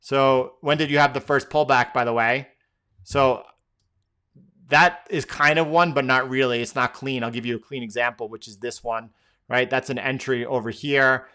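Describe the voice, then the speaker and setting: A man hosting a live trading session, reading out viewer questions and answering them off the cuff. His voice is bright and crisp. He rambles, restarts sentences and fills the gaps with filler words. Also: medium pitch, steady tone, moderate pace. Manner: loose and rambling, many fillers and repeated words. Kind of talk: casual live-stream Q&A.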